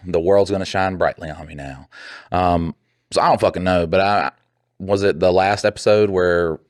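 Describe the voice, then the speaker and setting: A young man co-hosting a casual podcast, rambling and heated, swearing often and mimicking other people in quick bursts. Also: low voice, steady tone, no echo. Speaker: podcast co-host.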